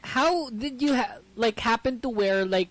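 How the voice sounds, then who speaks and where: A man's voice: very high voice, unhurried, a bit bright. A man in his late twenties with a Filipino accent, hosting a casual podcast chat and teasing his co-hosts as he slips into Tagalog. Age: late 20s. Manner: playful, teasing, switching into Tagalog. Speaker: podcast host.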